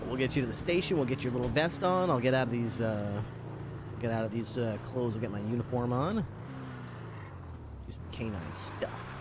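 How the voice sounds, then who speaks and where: A man's voice: mid-range voice, expressive, normal speed, vocal fry. A man roleplaying a police dog handler, chatting to his dog in a doting, chatty way and laughing often. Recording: game ambience and vehicle noise behind.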